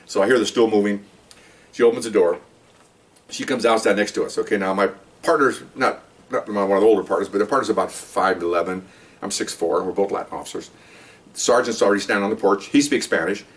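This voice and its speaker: With a fairly low voice and a fast delivery, a former police officer casually recounts a long, wandering story, picked up far from the mic. He laughs along and acts out what each person in the tale said.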